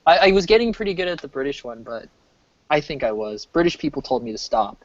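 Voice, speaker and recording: A man's voice: on the high side, fast, dry recording. Rambling American man on a dull mic. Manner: rambling, restarts often, animated. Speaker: streamer. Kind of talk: casual chat. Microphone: desk mic.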